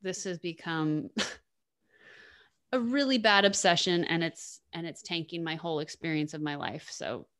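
Young woman, podcast co-host, casual chat, lowish voice, candid, repeats words. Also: lively intonation, a little slow, fairly bright tone. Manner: candid, chatty, repeats words and restarts, laughs often.

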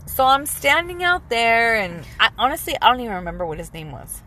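A woman's voice: fairly high pitch, quick pace, a little hiss or hum. Blunt young woman telling a dating story. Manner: animated, blunt, swears freely, says "like" often. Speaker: storyteller in a chat. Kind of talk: casual chat.

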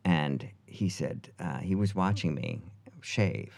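A man co-hosting a podcast, telling stories in a halting way with many restarts. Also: deep voice, creaky, a little mellow, no echo. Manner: halting, many restarts, does impressions in quoted lines. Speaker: podcast co-host. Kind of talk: casual chat, storytelling.

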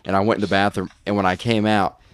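A man's voice: lowish voice, level tone, fast talker, smooth, no echo. A young man hosting a podcast, telling stories in loose casual chat and laughing often. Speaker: podcast host.

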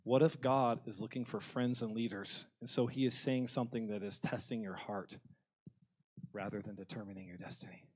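A man preaching a sermon, blunt and humorous, swinging between loud passages and hushed ones. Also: fairly low pitch, steady tone, moderate pace, breathy edge. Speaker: pastor.

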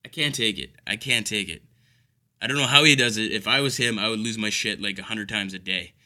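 A man's voice: fairly low pitch, a little fast, bright, forceful tone. A man delivering an exasperated, profane comedic rant full of sarcasm. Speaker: caregiver telling stories.

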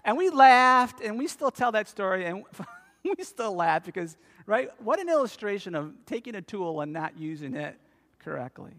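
A man in his fifties preaching a sermon as a pastor, telling stories with animated emphasis. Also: high-pitched, moderate pace. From United States. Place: church sanctuary. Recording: long reverb of a church hall.

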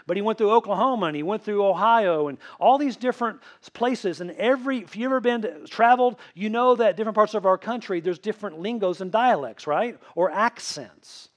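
A man's voice: high voice, animated, brisk, hardly any pauses. A man with a Tennessee accent, a pastor preaching a sermon who keeps quizzing the congregation. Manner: asks the congregation questions, answered with "right?". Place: church.

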